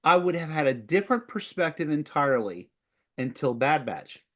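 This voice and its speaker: A male podcast co-host chatting casually, laid-back and quick to laugh. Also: fairly high pitch, animated, fairly bright tone. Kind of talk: casual chat.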